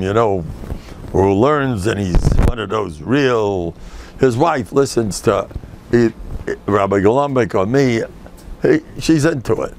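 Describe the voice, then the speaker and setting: Older rabbi with a gravelly voice. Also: male voice, fairly low pitch, darkish tone, slight background noise. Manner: joking, storytelling, acts out quoted people. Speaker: rabbi giving a lecture. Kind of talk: humorous lecture with stories. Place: room with a live audience.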